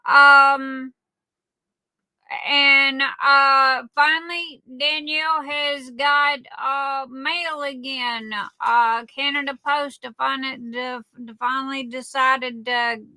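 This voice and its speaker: A woman's voice: high voice, level tone, slow pace, no echo. A woman hosting a livestream, greeting viewers by name in a chatty way and calling them darling. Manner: warm chatty shout-outs, calls viewers darling. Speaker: livestream host.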